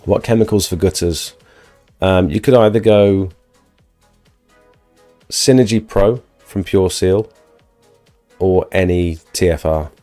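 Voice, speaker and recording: A deep, mellow-voiced man hosts a live stream and answers questions from the chat in a loose, conversational way. His voice is wearing thin from a recent illness. Soft music plays faintly underneath. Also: takes it slowly, pauses often. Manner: chatty, answers viewer questions, frequent restarts. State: losing his voice, getting over an illness. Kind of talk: casual live Q&A about pressure washing.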